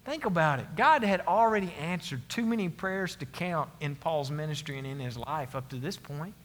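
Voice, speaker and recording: A man's voice: fairly high pitch, expressive, normal speed, big-room sound. A man preaching a sermon to his congregation, earnest and emphatic, repeating his key phrases. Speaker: pastor.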